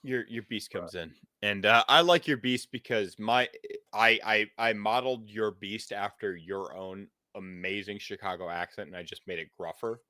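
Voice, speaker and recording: A man's voice: on the low side, normal speed, sharp tone, dry recording, clean studio sound. A man narrating as game master in a tabletop role-playing game, loose and full of "like"s. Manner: loose, filler-heavy narration with "like".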